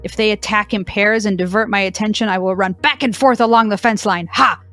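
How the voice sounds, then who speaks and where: A woman's voice: mid-range voice, fairly even intonation, fairly quick, a bit bright, faint music behind, lightly acted. A woman voicing a sassy, dramatic deaf female cow dog, reading her diary with a dry, mock-dramatic delivery. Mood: proud.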